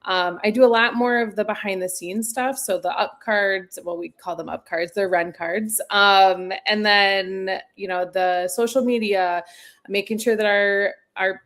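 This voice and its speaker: A woman's voice: mid-range voice, steady tone, a little slow, a bit bright. A woman in her thirties, a school counselor, chatting as a guest in a live webinar interview over a video call, laughing easily and restarting her sentences.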